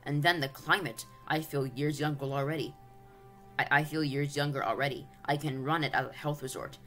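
A pompous, greedy old uncle in his sixties, gloating over his schemes, as a reader puts him on. Storybook read-aloud, voice lifted a little above the reader's own. Soft music plays faintly underneath. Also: mid-range voice, steady tone, normal speed, natural voice. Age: 60s. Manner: blustering, gloating, self-important. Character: excitable greedy old English uncle, male.

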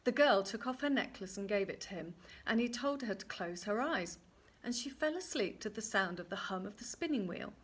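A woman storyteller reading a traditional fairy tale aloud in a gently expressive way. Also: mid-range voice, moderate pace, husky.

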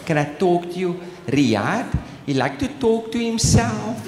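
A man's voice: sits high, big pitch swings, unhurried, darkish tone, faint music behind. Man playing a worried gossiping housekeeper. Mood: concerned. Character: worried middle-aged woman, domestic worker. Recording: echoey hall from a live stage.

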